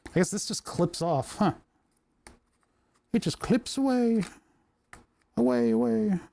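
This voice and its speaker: With a high-pitched, animated voice that's a little mellow, a maker chats at a measured pace while tinkering in his indoor workshop. He's hiccuping, rambling, and amusing himself, all picked up on a lapel microphone as he streams the project.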